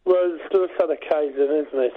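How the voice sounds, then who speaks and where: A man's voice: fairly high pitch, steady tone, quick pace, narrow, tinny audio. A man with a Birmingham accent, co-hosting a radio show in an earnest, plain-spoken way. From Birmingham, England. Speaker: radio co-host. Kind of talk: casual radio chat.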